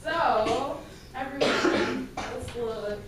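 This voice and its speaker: A high-voiced woman leads a school band rehearsal, counting off and encouraging her students at an unhurried pace. She is heard from a distance in a very echoey band room. A steady noise sits behind her voice. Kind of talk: classroom rehearsal instruction. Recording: echoey room, far from mic, noisy.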